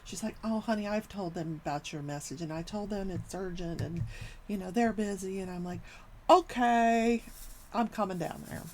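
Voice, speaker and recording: An older woman hosting a casual talk show, telling a long workplace story and acting out the people in it with lively, animated quoting. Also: lowish voice, fairly quick, a little hiss or hum, low-quality recording. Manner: animated, acts out quoted people.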